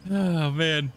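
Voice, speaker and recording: A man's voice: on the high side, fairly bright tone, slight background noise. A man streaming a game, ranting to his viewers in casual chat and swearing a lot. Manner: heated ranting, swears often. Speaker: gaming streamer.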